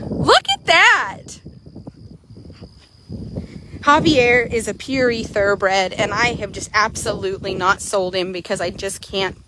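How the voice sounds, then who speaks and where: A woman's voice: medium pitch, noisy background. A woman chatting casually to her phone camera at a horse barn, blunt and full of swearing. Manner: blunt, swearing, lively storytelling. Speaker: horse trader. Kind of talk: casual vlog chat.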